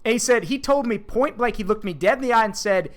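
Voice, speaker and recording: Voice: mid-range voice, quick pace. A streamer host in casual chat, telling a long story with lots of fillers and restarts. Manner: rambling, filler-heavy storytelling.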